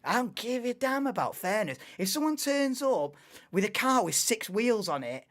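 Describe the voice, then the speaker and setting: A young woman hosting a live watchalong stream, chatting in a rambling, excitable way and laughing often. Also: a little high, normal speed. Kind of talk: casual live watchalong chat.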